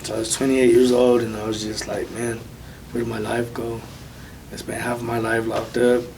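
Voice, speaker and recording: Soft-spoken man telling his story. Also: mid-range voice, little pitch movement, creaky, distant mic, slight background noise, rough recording. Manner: soft-spoken, halting, many ums. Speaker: interview guest. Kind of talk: personal testimony.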